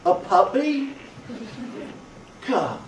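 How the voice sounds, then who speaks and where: A man doing a slow, gentle blacksmith. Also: very high-pitched, big pitch swings, a little hiss or hum, pitched above the performer's own voice, exaggerated voice. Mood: amazed, coaxing. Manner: slow, drawling, rustic country speech. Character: kindly simple village blacksmith man, gentle and earnest. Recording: roomy, distant, faint ambience.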